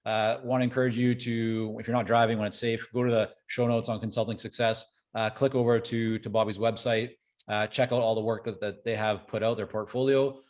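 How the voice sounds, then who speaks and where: A man's voice: on the low side, little pitch movement, fairly quick, a little mellow. Canadian male podcast host, friendly, easygoing wrap-up delivery. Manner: friendly, wraps up with show-notes plugs. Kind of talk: casual interview conversation.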